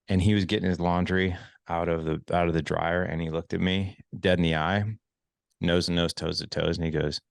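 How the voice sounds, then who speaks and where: A podcast host in his forties talks earnestly and reflectively, stumbling over and repeating words as his thoughts form. His voice sits very low with a gravelly, fry-edged texture. The sound is close and dry, with almost no room around it. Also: flat delivery, fairly quick, no echo. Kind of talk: podcast conversation.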